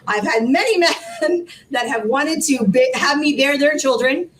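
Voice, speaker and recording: A woman in her forties, a foundation founder telling her story in an interview, animated and rambling, with many fillers. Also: high-pitched, a little slow. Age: 40s. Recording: distant mic with faint background noise.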